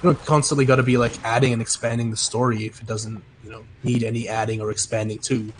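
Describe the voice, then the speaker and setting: A man's voice: medium pitch, flat delivery, a little hiss or hum. Easygoing man in casual chat. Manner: easygoing, reacts with quick questions. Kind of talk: casual chat among friends.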